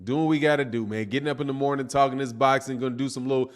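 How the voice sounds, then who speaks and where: A man's voice: mid-range voice, steady tone, rapid-fire. A man hosting a live boxing stream, chatting casually and reading out viewer comments in a loose, rambling way that keeps circling back to "man.". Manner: laid-back, rambling, peppers talk with "man".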